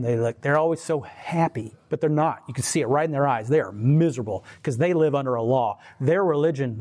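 A man hosting a casual chat, telling stories in an emphatic, rambling way. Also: a little high. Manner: emphatic, rambling, animated storyteller.

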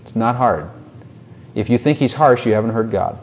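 A man's voice: mid-range voice, expressive, moderate pace, darkish tone. Conversational preacher man, faint hum. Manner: conversational, rhetorical questions, mock voices. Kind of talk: sermon.

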